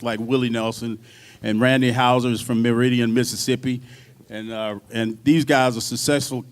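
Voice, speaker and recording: Brief: male drummer, panel storyteller, loose and animated. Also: medium pitch. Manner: lively anecdotes, laughs, acts out voices. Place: university symposium.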